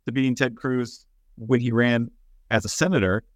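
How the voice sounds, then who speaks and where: A man's voice: mid-range voice, steady tone, no room sound. A man from North Texas, a guest on a podcast, talking casually and evenly about politics with a few hesitations. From North Texas, USA. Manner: conversational, measured, some hesitations. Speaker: podcast guest, concerned parent.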